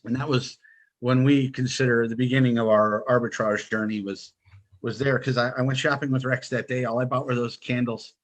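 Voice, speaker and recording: A man, a guest in an interview, telling his story with lively quoted dialogue. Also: medium pitch, fairly quick. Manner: animated storyteller, acts out quotes. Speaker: guest, online seller.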